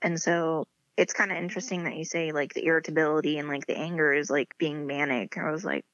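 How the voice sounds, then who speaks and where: A woman's voice: sits low, fairly even intonation, quick pace, fairly bright tone, no echo. A young woman chatting as an interview guest, full of filler "like", acting out quoted conversations with others. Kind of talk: casual chat. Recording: slightly dull lo-fi sound.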